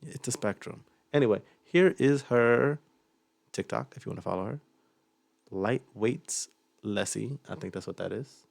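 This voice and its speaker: A man's voice: lowish voice, expressive, a little slow, gravelly, no echo. A young man hosting a reaction video, chatting casually and chuckling often as he jokes about what he watches. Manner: chuckles often, loose and joking.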